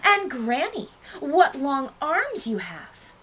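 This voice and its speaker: A kind, polite little girl from a children's storybook speaks sweetly and primly, as a woman reads her aloud. Her voice is bright and lively in its ups and downs. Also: fairly high pitch, moderate pace. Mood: wide-eyed. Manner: sweet and prim.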